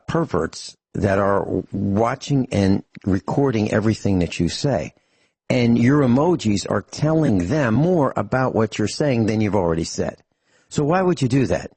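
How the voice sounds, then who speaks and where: A man's voice: fairly low pitch, darkish tone, slightly rough, no echo. A middle-aged man co-hosting a radio talk show, telling rambling stories with dry humor and frequent restarts. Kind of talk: casual radio chat.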